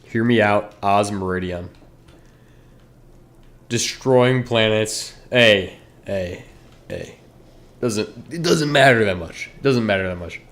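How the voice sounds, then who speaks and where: A man's voice: on the low side, slow pace, long pauses, fairly bright tone. Male streamer, casual rambling chat with viewers, frequent restarts. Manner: rambling, self-interrupting, talks straight to chat.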